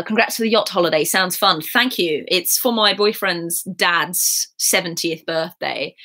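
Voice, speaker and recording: A young English woman with a received pronunciation accent chats on a livestream, reading and answering viewer comments. Her voice sits a little low for a woman. She rambles along with plenty of fillers. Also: a bit bright. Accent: southern English received pronunciation. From England. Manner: chatty, rambling, lots of fillers. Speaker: YouTuber.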